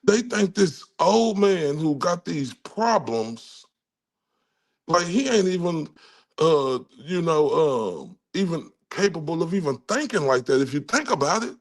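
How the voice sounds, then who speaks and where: A man's voice: fairly high pitch, very animated, a little slow, creaky. A man from Dallas, Texas, hosting a livestream and delivering a furious rant full of profanity. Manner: furious, heavily profane ranting. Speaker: livestream host.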